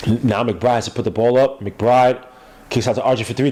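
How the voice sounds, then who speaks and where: Guy doing live game commentary on his podcast, stuffy nose, rambly and casual, mid-pitch voice. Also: steady tone, brisk, darkish tone. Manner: loose, rambling play-by-play with frequent asides. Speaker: podcast host.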